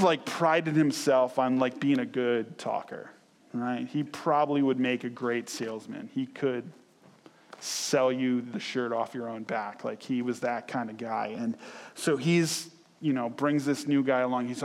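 A man preaches in a relaxed, conversational way, slipping into lively quoted voices as he tells stories. His voice sits mid-range and rings through a church sanctuary with a long reverb tail. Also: mid-range voice, normal speed. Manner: conversational, storytelling, animated acted quotes. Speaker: pastor. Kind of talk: sermon.

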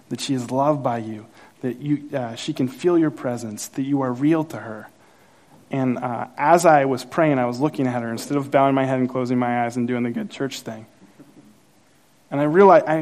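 A man preaching a sermon as pastor, telling a personal story with acted-out quotes and rising excitement. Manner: animated storyteller, acts out quotes, grows louder and higher as the story builds.

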